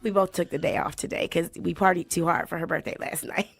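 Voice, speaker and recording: A woman hosting a comedic vocal critique, sassy and mocking, bursting into exaggerated loud sung imitations. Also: fairly low pitch, fairly even intonation, fast talker, creaky, breathy edge, soft background music. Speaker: host critiquing a singer. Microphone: desk mic.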